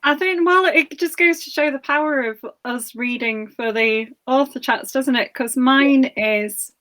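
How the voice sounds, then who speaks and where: A woman's voice: sits high, a little slow, fairly bright tone. A woman co-hosting a book club video chat, enthusiastic and giggly.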